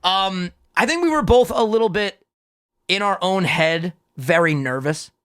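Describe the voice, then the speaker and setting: A young man co-hosting a casual podcast, hyped and swearing often in quick banter. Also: high-pitched, lively intonation, a bit bright, clean tone. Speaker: podcast co-host.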